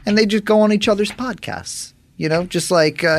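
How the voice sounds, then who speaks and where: A man guesting on a comedy podcast, rambling through improvised bits in an animated way. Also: high voice, normal speed, creaky. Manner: animated, rambling, breaks into goofy impressions.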